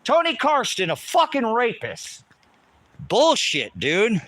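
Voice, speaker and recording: Agitated swearing man, bright voice. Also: very high voice, wildly swooping pitch, slow pace, dry recording. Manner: heavy swearing, repetitive and agitated. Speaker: livestreamer. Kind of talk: angry live-stream rant.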